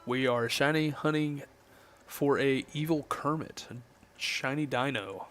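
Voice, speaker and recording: A relaxed man with a Southern US drawl hosts a late-night game stream, joking with his chat between tasks. His voice sits in an ordinary middle register, and faint music plays under his talk. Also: medium pitch, measured pace. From Southern United States. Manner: relaxed, joking, chatting with viewers.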